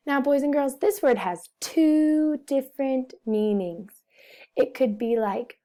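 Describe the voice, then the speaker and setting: Slow, mellow-voiced woman teaching phonics. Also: high-pitched. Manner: over-enunciates words and repeats them, speaks to children. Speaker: first-grade teacher. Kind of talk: slow, deliberate phonics lesson for young children.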